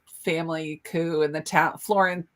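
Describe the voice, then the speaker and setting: A woman co-hosting a live book discussion, relaxed and joking with sarcastic asides. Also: low-pitched, moderate pace. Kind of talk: casual live book chat.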